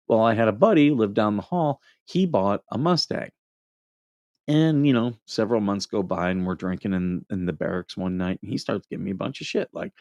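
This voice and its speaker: A man's voice: on the low side, expressive, fairly quick, vocal fry, darkish tone, no echo, muffled recording. A middle-aged man, a Marine veteran, hosting a casual livestream, reading comments and telling joking stories. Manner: joking storyteller, laughs at own anecdotes.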